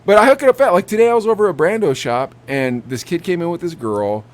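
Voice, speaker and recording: A young man co-hosting a podcast, telling animated stories about customers at his vape shop and acting out what they said. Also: high-pitched, fast talker. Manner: animated storytelling, acts out customers. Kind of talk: casual chat.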